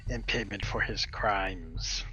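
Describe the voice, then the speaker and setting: Man playing a grim shark-folk sentry in a tabletop game, low, slow and guarded. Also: bright, forceful tone, highs cut off, faint music behind, exaggerated voice. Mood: grave. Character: solemn shark-person guardian of the deep.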